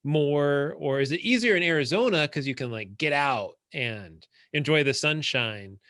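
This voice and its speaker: A man's voice: on the high side, lively intonation, normal speed, fairly bright tone, no room sound, studio quality. A man hosting an interview podcast from Minnesota, asking questions in a hesitant way with restarts. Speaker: podcast host. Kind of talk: casual interview chat.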